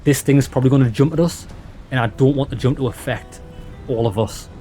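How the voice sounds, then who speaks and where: A man giving excited, chatty commentary on a game he is playing, talking to viewers as lads. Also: mid-range voice, a little fast, faint music behind. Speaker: let's play host. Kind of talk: casual gameplay commentary.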